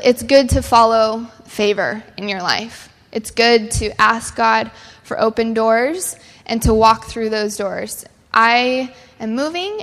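A young adult woman giving a sermon-style talk, telling stories earnestly with casual fillers. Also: a little high. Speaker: speaker. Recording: long hall reverb.

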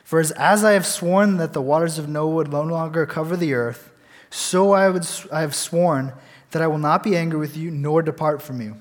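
A man's voice: on the high side, normal speed. Earnest young man, echoey reverb. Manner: earnest, rambling, with many restarts and fillers. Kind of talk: casual faith talk with scripture reading.

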